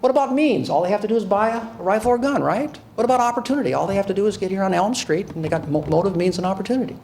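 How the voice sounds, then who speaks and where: Older American man, ex-prosecutor lecturing an audience; high voice, mocking and emphatic, with a faint hiss behind him. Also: lively intonation, racing, darkish tone. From United States. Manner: sarcastic and emphatic, with frequent repeats and restarts. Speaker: former prosecutor and author giving a talk. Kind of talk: speech to an audience.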